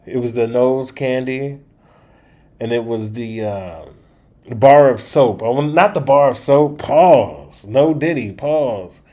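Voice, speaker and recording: A man's voice: medium pitch, slow pace, mellow. A man hosting his own channel, telling a story to the camera in a loose, rambling way with many restarts and slangy asides. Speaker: channel host. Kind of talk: casual storytelling monologue.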